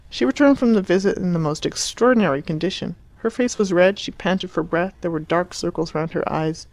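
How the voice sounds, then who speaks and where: A woman narrating an audiobook in a measured, expressive reading voice. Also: on the low side, no room sound. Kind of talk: scripted narration.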